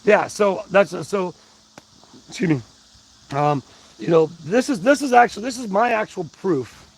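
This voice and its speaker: Out of breath and folksy, a livestream host rambles casually and calls out his chat members by name. His voice sits high and is husky, a little slow, captured on a wireless mic worn on his body with poor audio.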